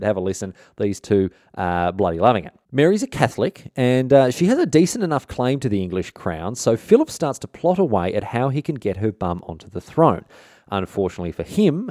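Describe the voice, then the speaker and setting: A man's voice: lowish voice, mellow, dry recording, clean studio sound. A man hosting a comic history podcast, talking in an irreverent, rambling, slangy way and interrupting himself often. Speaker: podcast host.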